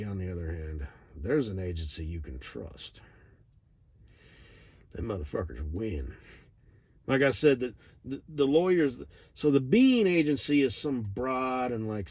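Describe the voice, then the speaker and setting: A middle-aged man telling a rambling, digressive story in a profane, deadpan way. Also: lowish voice, a little slow, no echo. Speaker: vlogger. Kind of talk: rambling monologue.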